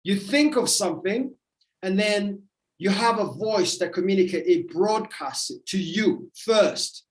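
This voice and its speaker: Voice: mid-range voice, lively intonation, a little slow. A motivational speaker giving a livestream talk, emphatic and repetitive in a preacherly way. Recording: roomy echo.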